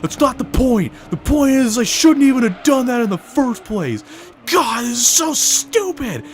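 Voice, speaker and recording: A man doing an enraged man who cannot forgive himself for a slip, swearing and ranting in a voice pushed well above his usual pitch. The tone swings wildly as he vents. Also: very animated, a little slow, faint music behind, heavily acted. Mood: furious. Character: furious man cursing at his own mistake.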